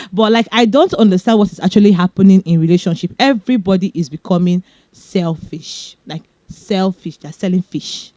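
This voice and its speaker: A young woman with a Nigerian accent talks fast and chattily, handing out relationship advice with little laughing asides. Her voice is mellow and warm. The recording is dry and close. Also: medium pitch, dry recording. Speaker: podcast host. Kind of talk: casual advice talk.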